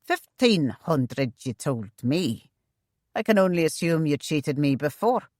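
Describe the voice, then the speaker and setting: A woman's voice: low voice, sing-song, takes it slowly, a little mellow, dry recording, exaggerated voice. A woman voicing a stern older male squire who speaks in a clipped, cold way, in a dry recording.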